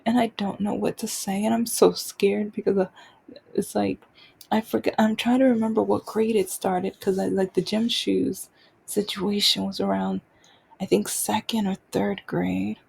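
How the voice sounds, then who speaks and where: A woman hosting her own show, talking openly and unscripted about personal experiences, halting and restarting as she goes. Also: mid-range voice, flat delivery, creaky, darkish tone, husky. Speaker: podcast host sharing personal stories.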